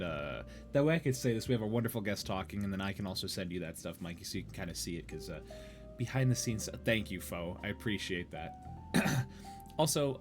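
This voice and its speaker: A young man casually hosting a livestream show, rambling and chatting with viewers while reading their messages aloud. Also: on the low side. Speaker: podcast host.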